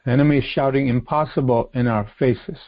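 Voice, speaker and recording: A man preaching a sermon, reading scripture aloud and explaining it earnestly, slowing down and repeating phrases for emphasis. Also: mid-range voice, steady tone, highs cut off. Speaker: pastor. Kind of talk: sermon, expository Bible teaching.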